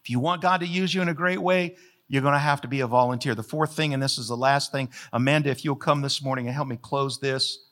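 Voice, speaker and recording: A man's voice: medium pitch, quick pace, a bit bright. A man preaching a sermon as the pastor, folksy and emphatic, repeating phrases to drive points home.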